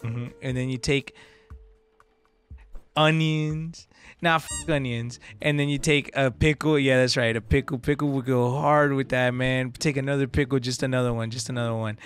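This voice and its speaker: A man's voice: mid-range voice, steady tone, moderate pace, clean tone, soft background music. A young man, joking and swearing through casual let's-play commentary and mixing in slang. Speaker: gaming streamer.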